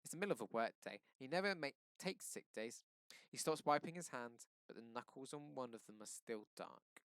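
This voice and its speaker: Male teacher, reading a novel aloud, expressive, smooth clear voice, dry close sound. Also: medium pitch, brisk, dry recording.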